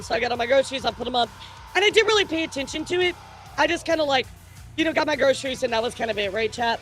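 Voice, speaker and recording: A woman streamer chats casually with her viewers, telling animated stories and swearing freely. Her voice sits fairly high, with faint music underneath. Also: quick pace. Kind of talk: casual livestream chat.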